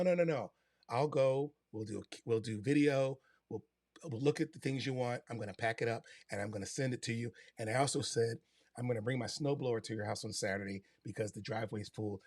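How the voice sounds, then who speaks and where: A man's voice: medium pitch, a little mellow, dry recording, clean studio sound. A man hosting a casual talk show for agents, speaking. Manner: chatty, many fillers and restarts. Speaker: host.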